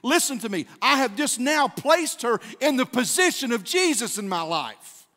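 A man's voice: very high voice, big pitch swings, moderate pace, pushed and bright. A man, preaching a conversational sermon as a pastor and acting out quotes with growing fervor. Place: church sanctuary. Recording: long church hall reverb.

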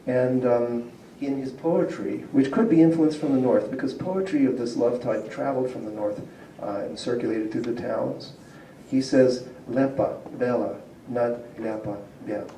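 This public linguistics lecture for a community audience features a man with a mellow, mid-range voice at a moderate pace. He explains patiently, invites the room to answer questions, and chuckles a lot, captured from afar in a roomy hall with slight background noise.

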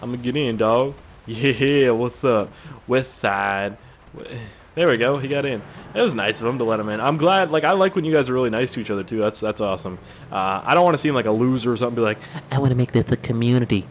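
A young man talks casually over his gameplay, rambling and swearing freely, easily amused. His voice sits at a middle pitch and sounds a little tired. Faint game noise runs underneath. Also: a little fast. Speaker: gaming video creator.

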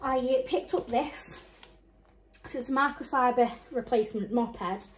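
A woman's voice: a little high, unhurried, a little hiss or hum, low-quality recording. A young woman and mum chatting casually through a shopping haul, rambling along and listing prices with small laughs. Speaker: mum and vlogger.

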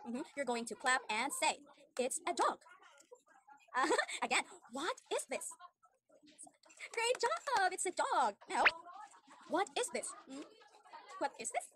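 A woman's voice: sits high, very animated, a little slow, pauses often, a bit bright, a little hiss or hum. A young woman giving an online demo English lesson to a young child, with exaggerated sing-song praise and frequent laughs. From Philippines.

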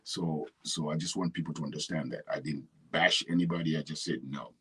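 Kenyan guy, middle-aged, deep husky voice, rambles and restarts a lot in an interview. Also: fairly quick, poor audio. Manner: rambling, restarts often, animated when telling stories. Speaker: actor and writer, interview guest. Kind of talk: relaxed conversational interview.

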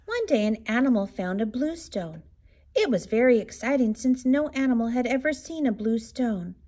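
Female reader, children's read-aloud, lilting and expressive, slightly high-pitched. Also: normal speed. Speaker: storybook reader.

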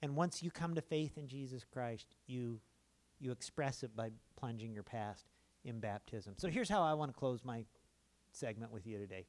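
A man as a pastor, closing a sermon with a soft, repetitive invitation to prayer in a church auditorium. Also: medium pitch, expressive, normal speed. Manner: gentle, hushed, repetitive pleading during prayer. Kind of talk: sermon altar call and prayer.

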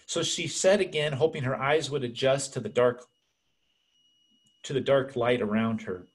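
Male pastor, mid-pitched, earnest conversational sermon delivery, talks to the room like friends. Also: normal speed. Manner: earnest, conversational preaching addressing listeners as friends.

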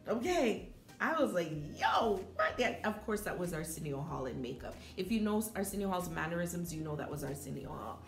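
A woman giving a casual spoken movie review in an animated, chatty way, with fillers and self-corrections. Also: lowish voice, brisk. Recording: echoey room with faint background music.

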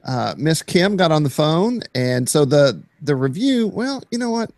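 A man with a gravelly edge to his voice co-hosts a relaxed hobby chat. His talk is enthusiastic as he narrates his own video clips, and the sound is dry and close. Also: a little high, a little slow, dry recording. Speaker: co-host. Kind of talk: casual chat.

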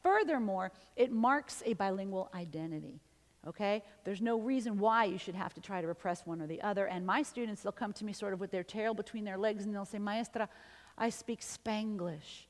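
A woman's voice: mid-range voice, a little fast, big-room sound. A woman linguist giving a conversational symposium lecture. She switches between English and Spanish and keeps checking in with "okay?" and "right?". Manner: lively, often ends points with "okay?" or "right?". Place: university lecture hall.

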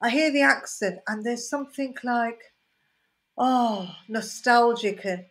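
A woman comedian from Birmingham, England, speaks slowly in a fairly high voice with a Birmingham accent. As a guest on a casual podcast chat, she tells rambling, anecdotal stories full of lively asides.

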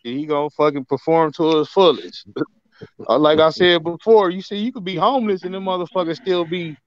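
A man's voice: a little high, brisk, dry recording, highs cut off. A man talking in a profane, boastful, slangy way as a guest on a casual talk show. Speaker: podcast guest. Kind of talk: casual chat.

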